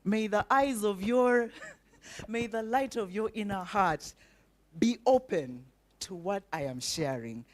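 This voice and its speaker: A woman delivers an inspirational keynote at a breakfast event. She speaks slowly and emphatically, leaning on repetition and rhetorical questions. Her voice sits at an ordinary middle pitch for a woman. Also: animated. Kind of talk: inspirational speech with call-and-response.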